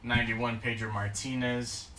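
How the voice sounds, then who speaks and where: A man's voice: mid-range voice, little pitch movement, normal speed, sharp tone. A man hosting a live card break, losing his voice, calling out player names and card types in short bursts. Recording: roomy, distant mic, noisy.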